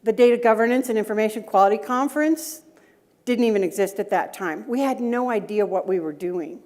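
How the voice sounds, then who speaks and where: Middle-aged woman speaker, mid-pitched, tells anecdotes and checks in with the audience. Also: brisk, a little mellow. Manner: storytelling, asks the audience rhetorical questions. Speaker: conference speaker, data governance director. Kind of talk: conference talk with personal anecdotes. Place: conference breakout room.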